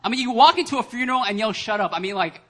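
A young adult man, a pastor, preaching a lively sermon that acts out voices and laughs often. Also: very high voice, very fast. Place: church service hall.

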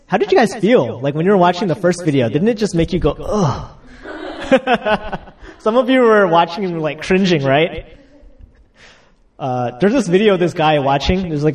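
A man's voice: high voice, a little mellow, distant mic. A young man giving a casual sermon, chatty, laughing as he acts out stories, just getting over a cold. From United States. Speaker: pastor.

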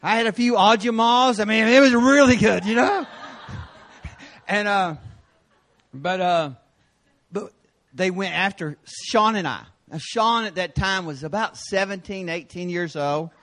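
A middle-aged male pastor preaching a sermon, telling stories and acting out voices with sudden shouts. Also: high-pitched, measured pace. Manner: storytelling, acts out voices with bursts of shouting.

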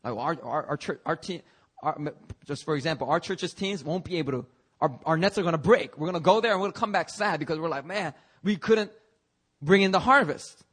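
A young man preaches a fervent sermon in a church sanctuary, with a husky, slightly raised voice. He keeps breaking in with "hallelujah" and talks in a loose, conversational way. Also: on the high side, fast talker, fairly bright tone. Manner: fervent, often interjects "hallelujah".

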